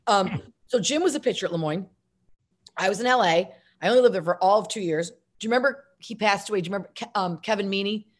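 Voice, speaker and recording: A middle-aged actress and filmmaker telling stories as an interview guest, lively and self-mocking, jumping between tangents. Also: female voice, mid-range voice, quick pace. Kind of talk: casual interview storytelling.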